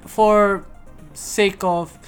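Male podcast host, rambling and giggly, slightly high voice. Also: level tone, extremely slow, soft background music. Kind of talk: casual movie review chat.

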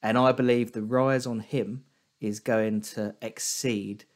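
A man chats on a podcast as a guest trader. He teases his co-host and thinks aloud, his voice sitting at an ordinary middle pitch. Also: fairly even intonation, slow. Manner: chatty, teasing, thinks aloud with fillers. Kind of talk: casual podcast chat.

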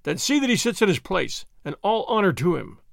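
A bold masked highwayman, voiced by a man reading a storybook lectures with lofty scorn. The voice sits high and swings widely in pitch. The sound is dry and close. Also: big pitch swings, brisk, vocal fry, no room sound, full character voice. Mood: commanding.

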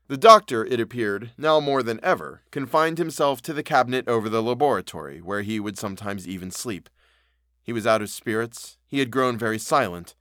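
A man narrates a classic story for a podcast in a measured, steady reading. His voice sits at a middling pitch, recorded close and dry with no room sound. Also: no room sound. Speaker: podcast reader.

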